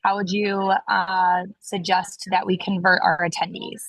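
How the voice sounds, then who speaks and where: A woman's voice: lowish voice, flat delivery, measured pace, a bit bright, no room sound, rough recording. A woman in a webinar Q&A, asking a question hesitantly and searching for words. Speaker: audience member asking a question.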